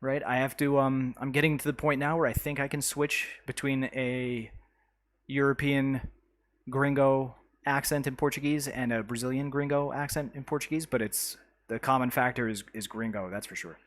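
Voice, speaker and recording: Chatty, halting male game streamer. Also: mid-range voice, fairly even intonation, fairly bright tone. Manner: chatty and halting, full of uh and restarts; greets chat viewers by name. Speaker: live streamer. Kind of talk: casual live commentary on a city-building game.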